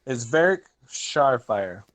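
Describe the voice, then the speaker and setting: A young man playing a tabletop game, speaking in character in a halting, earnest way. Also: mid-range voice, very animated, fairly bright tone. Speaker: player. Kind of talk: in-character role-play.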